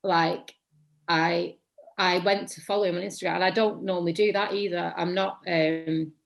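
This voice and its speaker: Speaking at a moderate pace in a low-ish, gravelly voice, a Mancunian woman in her thirties chats as a guest actor in a relaxed interview. She wanders and self-corrects, and mentions her voice tends to be monotonous.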